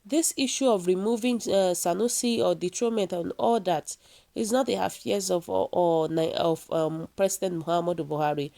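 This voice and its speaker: Nigerian woman reading news then ranting her take, earnest, lots of questions to viewers, mid pitch. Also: warm tone. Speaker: news commentator.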